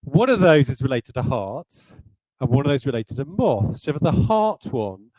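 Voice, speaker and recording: Man, game designer, design stream chat, hesitant and self-deprecating, mellow voice, dry close recording. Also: medium pitch, very animated, normal speed, slightly rough, dry recording, low-quality recording. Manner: rambling, self-deprecating, many fillers and restarts. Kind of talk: livestreamed design talk.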